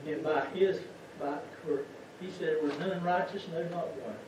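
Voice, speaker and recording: A lay preacher with a fairly high, steady voice delivers a folksy sermon at a moderate pace, often throwing rhetorical questions at the congregation. He is in a church sanctuary, and the recording is noisy, echoey and muffled, as if captured from far off.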